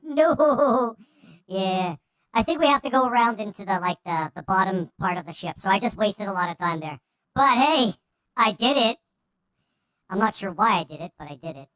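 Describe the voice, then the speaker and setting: A woman streaming a video game, chatting casually and excitably and swearing freely as she plays. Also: mid-range voice, a little fast, clean tone. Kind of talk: casual gameplay commentary.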